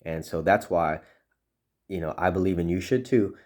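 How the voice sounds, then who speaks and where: A man's voice: low-pitched, moderate pace, darkish tone. A man talking casually and earnestly to fellow chiropractors, coaching them, often restarting and saying "you know". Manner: earnest, repeats words, many "you know" fillers. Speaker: chiropractic consultant.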